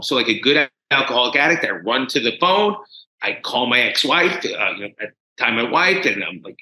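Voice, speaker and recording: A man from New Jersey, a podcast guest, telling his story in an animated, emphatic way. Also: mid-range voice, fairly quick. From New Jersey, USA. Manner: animated, emphatic, swinging between hushed and loud. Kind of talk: casual storytelling. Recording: roomy echo.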